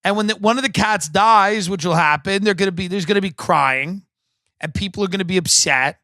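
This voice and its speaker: High-pitched man ranting comedic podcast monologue. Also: a little fast, pushed and bright, no echo. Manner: profane, sarcastic, rambling rant. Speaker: podcast host. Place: home podcast set.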